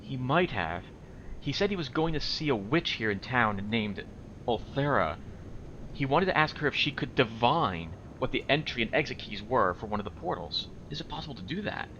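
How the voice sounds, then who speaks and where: Casting note: bright, clear-toned man at mid pitch, reading game text aloud, somewhat muffled mic with faint hiss. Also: expressive. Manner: reads dialogue and narration aloud, with quick asides. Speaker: let's play host. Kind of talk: casual gameplay commentary reading game dialogue aloud. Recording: slightly dull home mic with faint noise.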